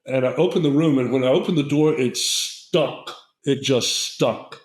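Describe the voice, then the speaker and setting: In a relaxed interview, an older man who works as an herbalist rambles through a digressive tale, voicing each character he mentions. He speaks at a normal pace in a mid-range voice, and the low-quality recording has a roomy sound.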